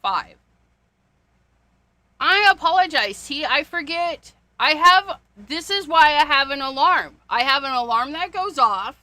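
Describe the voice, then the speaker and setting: A woman's voice: high voice, expressive, measured pace, bright, forceful tone. A woman hosting a casual card-making livestream, chatting to viewers while she rummages through paper and supplies, with frequent gasps and little laughs.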